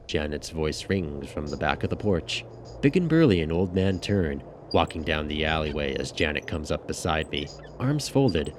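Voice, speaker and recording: Deep expressive male narrator. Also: normal speed, a little hiss or hum. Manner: gritty, expressive, profane. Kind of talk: first-person audiobook narration.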